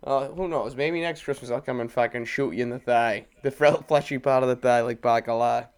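A man's voice: medium pitch, fairly even intonation, fairly quick, a little mellow, clean tone. A man bantering in casual chat, throwing in sarcastic jokes. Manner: joking, sarcastic quips.

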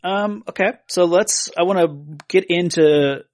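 A man's voice: sits high, unhurried, a little mellow, dry recording. Dry-sounding male podcast host. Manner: explains at length, walking through scenes step by step. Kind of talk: casual podcast discussion.

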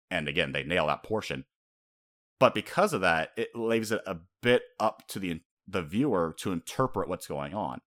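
A man with a fairly low voice talks through an animated film in a loose, casual review. His delivery is rambling and animated, and it is packed with "like" fillers. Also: moderate pace. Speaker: podcast host reviewing an anime film.

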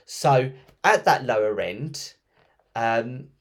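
A man hosting a podcast, retelling ghost stories in a chatty, lively way with plenty of ums and restarts. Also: medium pitch, slow. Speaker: podcast host. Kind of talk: casual storytelling podcast.

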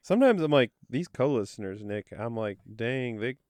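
A man's voice: medium pitch, no room sound. A man co-hosting a faith and film podcast, chatting casually and joking with his co-host. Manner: jokey, animated, quick to laugh. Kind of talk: casual chat.

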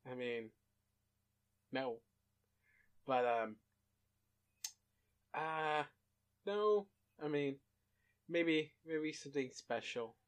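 A young man co-hosting a podcast, relaxed and hesitant, with lots of fillers. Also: on the high side, very slow, pauses often, smooth. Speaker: podcast co-host. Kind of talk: casual chat.

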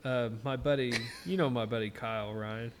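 A man in his thirties hosting a casual podcast, telling rambling, excited, profane stories. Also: mid-range voice, moderate pace, background noise. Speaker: podcast host. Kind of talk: casual chat.

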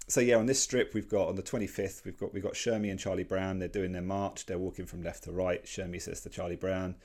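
A man's voice: low-pitched, level tone, fast, a little mellow. A man in his forties, casually co-hosting a podcast and rambling through his points with many restarts. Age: 40s. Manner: rambling, full of restarts and fillers. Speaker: podcast co-host. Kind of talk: casual comic-strip discussion.

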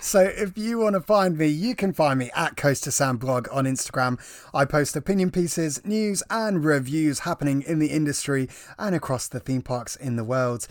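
A man's voice: fairly high pitch, normal speed, dry recording, studio quality. A man co-hosting a podcast, talking with eager enthusiasm in casual chat. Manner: enthusiastic, talkative. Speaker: podcast co-host.

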